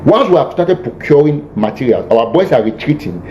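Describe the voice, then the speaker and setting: Man, mellow and emphatic, lecturing followers, heard on a dull, muffled archive clip with faint background hiss. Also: fairly high pitch, very animated, brisk. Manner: emphatic, repetitive, stumbling restarts. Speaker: militant leader addressing followers. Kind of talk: lecture-style address.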